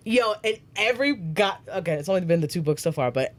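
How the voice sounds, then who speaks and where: A young woman co-hosting a podcast in casual chat, animated and swearing freely as she acts out lines from books. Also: fairly low pitch, fast. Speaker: podcast co-host.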